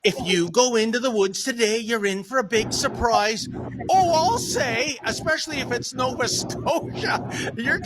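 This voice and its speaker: A man's voice: very high-pitched, background noise. A man hosting a political talk show, asking questions in a wry, sarcastic way. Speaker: host.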